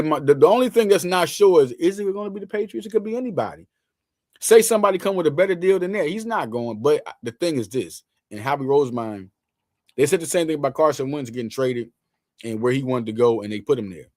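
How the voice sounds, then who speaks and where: A man's voice: fairly high pitch, darkish tone, no room sound, studio quality. A man hosting a casual sports talk show, emphatic and slangy, repeating lines for effect.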